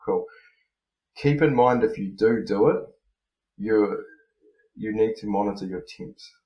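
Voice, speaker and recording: A man's voice: fairly low pitch, a little slow, warm tone. A man, a motocross rider chatting casually as a podcast guest, rambling with lots of fillers. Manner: laid-back, rambling, many fillers. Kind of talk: casual chat. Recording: roomy echo.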